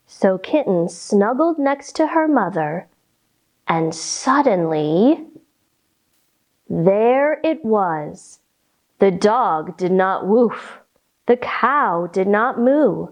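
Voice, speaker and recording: A woman's voice: mid-range voice, animated, very slow. A woman reading a children's story aloud and guiding kids through yoga poses, encouraging and sing-song.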